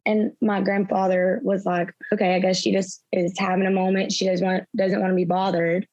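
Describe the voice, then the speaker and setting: A young woman, a guest in an interview, retelling events through quoted dialogue in a soft, halting way with fillers. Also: mid-range voice, flat delivery, no room sound. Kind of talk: personal storytelling in an interview. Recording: slightly dull, dry sound.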